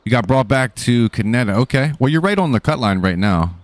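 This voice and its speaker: A man's voice: mid-range voice, animated, fairly quick, no echo. A man casually greeting viewers by name and answering chat during a live stream, joking in a laid-back way.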